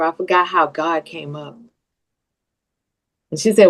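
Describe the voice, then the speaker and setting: A woman's voice: low-pitched, fairly even intonation, normal speed. A woman guest on a podcast, telling a personal story in an earnest way that turns tearful at times. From Southern US.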